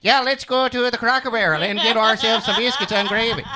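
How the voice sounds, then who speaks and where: A man's voice: extremely high pitch, brisk, a loud crowd. A man doing a goofy overdone Norwegian accent. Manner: exaggerated, silly mock accent. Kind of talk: comedy bit on a podcast.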